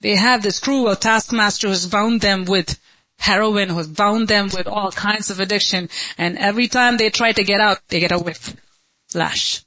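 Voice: medium pitch, fairly even intonation, moderate pace, bright, forceful tone, no room sound, poor audio. A pastor preaching a sermon with impassioned, repeated rhetorical questions.

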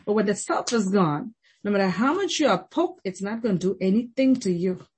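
Woman pastor, sermon, emphatic and repetitive, breathy voice, middle pitch. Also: lively intonation, fairly quick, a little mellow, poor audio. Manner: emphatic preaching, repeats phrases and rhetorical questions.

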